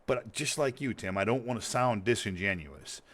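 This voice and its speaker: Fairly low yet bright-toned, his voice is animated and moves at a moderate pace. He's a streamer with a light Montana accent, casually telling a long, wandering story during a game, full of cursing and frequent laughs.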